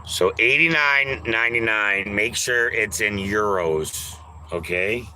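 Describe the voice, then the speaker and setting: A man reading his chat on a live stream, talking slowly in a bright, forceful voice. He teases viewers, calls their names over and over in mock pleading, and swears offhandedly. A faint room hum sits behind him. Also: fairly low pitch. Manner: teasing, repeats names in drawn-out pleading calls; crude, offhand.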